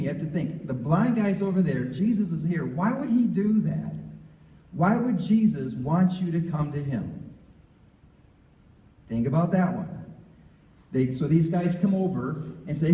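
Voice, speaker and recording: A man speaking as a guest financial advisor, giving an animated motivational talk to students and peppering them with questions. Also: fairly high pitch, normal speed. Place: room at a campus ministry gathering. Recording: echoey room, from far off, dull.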